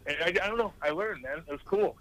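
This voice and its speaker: A man, a former hockey player, telling rambling, profane stories in a casual podcast chat with lively voiced quotes. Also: a little high, quick pace, low-quality recording.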